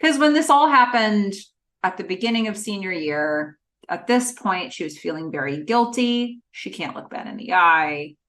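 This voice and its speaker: A woman's voice: medium pitch, animated, moderate pace, fairly bright tone. A woman co-hosting a podcast, casually retelling scenes from a TV episode and acting out the characters' quotes. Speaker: podcast co-host. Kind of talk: casual recap chat.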